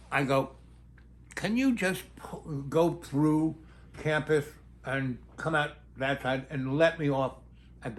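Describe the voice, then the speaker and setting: A man telling a long, rambling personal anecdote in a halting way, with many restarts. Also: medium pitch, fairly bright tone. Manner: halting, full of fillers and restarts, acts out quoted voices. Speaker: storyteller.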